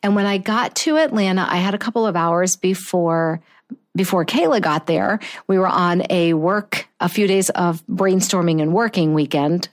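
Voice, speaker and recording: Earnest storytelling woman, low-voiced. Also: normal speed. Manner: earnest, heartfelt, with frequent restarts. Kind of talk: personal anecdote, reflective storytelling.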